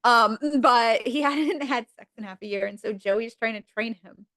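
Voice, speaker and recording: A fairly high-voiced woman chatting on a podcast, recorded close and dry with no room sound at all. She retells scenes with plenty of "um" and "like," then leaps up in pitch to perform each character's lines. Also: normal speed, a bit bright, no room sound. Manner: frequent fillers like "um" and "like". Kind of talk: casual podcast chat. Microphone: podcast mic.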